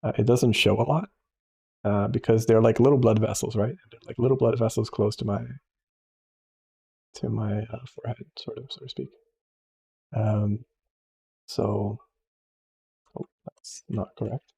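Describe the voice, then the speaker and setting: A man's voice: fairly low pitch, fairly even intonation, a little slow, vocal fry, long pauses, a little mellow, husky. A man hosting a live drawing stream, chatting casually and telling a rambling story full of fillers and restarts. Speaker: livestream host. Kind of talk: casual chat while drawing.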